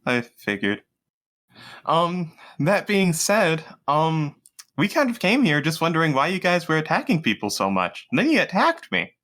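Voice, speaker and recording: A man's voice: a little high, very animated, moderate pace, a bit bright. A man playing a tabletop game in character, speaking politely and earnestly with stammering restarts. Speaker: player. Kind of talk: in-character tabletop role-play.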